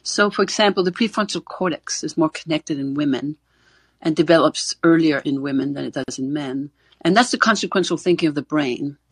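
A middle-aged woman talks in an earnest, explaining way on an online call. Her voice is husky and sits a little low. The sound is dry and close, with no room around it. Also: fairly quick, no room sound. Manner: earnest, explanatory, repeats words when starting. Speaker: co-host, gender expert. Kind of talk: casual panel discussion. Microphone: online audio call.

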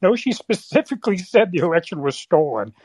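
A man's voice: high voice, very animated, brisk, darkish tone, slightly rough, dry recording. Chuckling male caller, dry sound. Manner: chuckling, hesitant with fillers. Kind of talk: casual phone-in chat.

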